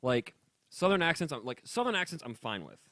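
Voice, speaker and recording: Animated ranting young man. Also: fairly high pitch, a little fast, no room sound. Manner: animated, ranting, laughs often. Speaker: podcast co-host. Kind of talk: casual podcast chat.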